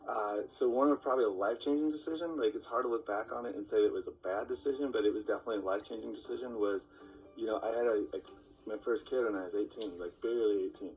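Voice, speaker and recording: A man with a lowish voice speaks earnestly about a life-changing decision, pausing often to think. He sounds some distance from the mic, with soft music faintly behind. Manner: earnest, reflective, with fillers. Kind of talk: personal story.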